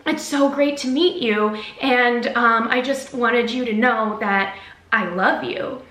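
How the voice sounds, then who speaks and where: A woman quoting a nervous, trembling male fan who says he loves her, in a bright voice in an echoey room. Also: fairly high pitch, takes it slowly. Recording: roomy echo.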